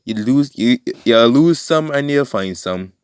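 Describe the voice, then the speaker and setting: A man's voice: mid-range voice, lively intonation, unhurried, smooth, no room sound, lightly acted. A man voicing a sadistic male symbiote villain who talks down to his victims in a taunting, condescending way, in a retold fan story.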